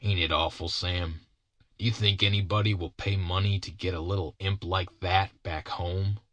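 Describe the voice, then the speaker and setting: A man voicing a nervous grown kidnapper who talks in a slow, anxious drawl. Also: deep voice, fairly even intonation, a bit bright, dry recording, dull audio.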